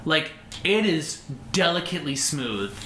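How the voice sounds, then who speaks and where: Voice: mid-range voice, very animated, unhurried, reverberant, background noise. A game master putting on a fussy, flirty male French tailor with a showy fake French accent. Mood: theatrical.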